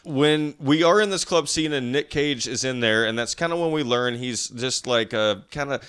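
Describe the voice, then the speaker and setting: A man's voice: medium pitch, moderate pace, a bit bright, clear, resonant tone. A man hosting a casual movie review podcast, recapping scenes in a rambling, stop-and-start way. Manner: rambling, restarts sentences while recapping. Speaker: podcast host.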